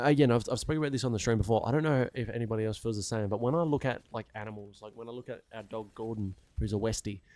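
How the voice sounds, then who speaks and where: A young man chatting casually while streaming a game, rambling and swearing with animated wonder. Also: mid-range voice, no echo. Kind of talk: casual chat while gaming.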